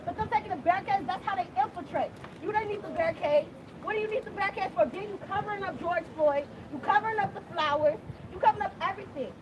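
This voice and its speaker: A woman's voice: extremely high pitch, fast talker, hardly any pauses, muffled recording. A woman activist, giving a fiery, preacherly protest speech outdoors, repeating her lines. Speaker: community activist. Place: outdoor street gathering. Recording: loud crowd and street noise outdoors.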